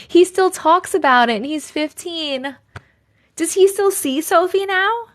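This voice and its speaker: A woman's voice: extremely high pitch, a little slow, fairly bright tone. A woman hosting a livestream, chatting casually and reading viewer stories aloud, chatty and effusive as she reacts to the chat.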